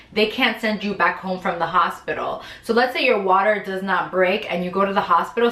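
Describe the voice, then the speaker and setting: Young woman chatting away on her vlog, mid pitch, kinda roomy echo. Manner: animated, chatty storytelling with acted-out quotes. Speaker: vlogger. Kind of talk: storytime vlog. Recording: echoey room.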